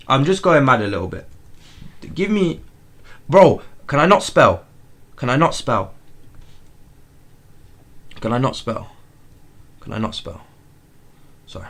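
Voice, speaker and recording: Young man, live football watchalong host, excitable, lively pitch swings, bright voice. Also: normal speed, long pauses. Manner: excitable, repeats himself, swings from outraged shouts to muttering. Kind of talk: live match watchalong commentary.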